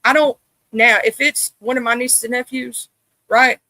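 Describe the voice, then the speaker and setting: Bright, crisp-voiced woman chatting. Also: on the high side, moderate pace, no room sound. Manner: animated storyteller who acts out a stern mama voice. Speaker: podcast co-host. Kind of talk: casual chat.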